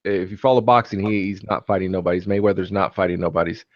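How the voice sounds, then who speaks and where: Low-voiced man rambling about boxing. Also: fairly even intonation, fast talker, no room sound, highs cut off. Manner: rambling, hesitant, lots of fillers and restarts. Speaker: live stream host. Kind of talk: casual chat. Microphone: computer mic on a live stream.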